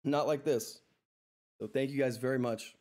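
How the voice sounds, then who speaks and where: A man hosting a live stock trading stream, talking through price charts in an excitable, effusive way that repeats itself. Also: medium pitch, moderate pace. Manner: excitable, effusive, repeats himself, says "all right?" often. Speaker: livestream stock trading host. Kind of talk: live market commentary and chat.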